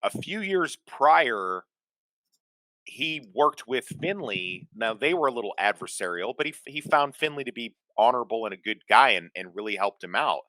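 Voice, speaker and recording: Bright, blunt, profane man. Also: medium pitch, moderate pace, no room sound, poor audio. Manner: blunt and profane, animated storytelling. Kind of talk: casual chat.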